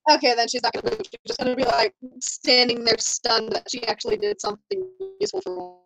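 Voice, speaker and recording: A woman's voice: high-pitched, expressive, fast talker, vocal fry, a bit bright, faint music behind, rough recording. A woman playing in a tabletop game, chatting casually and asking blunt questions about her options.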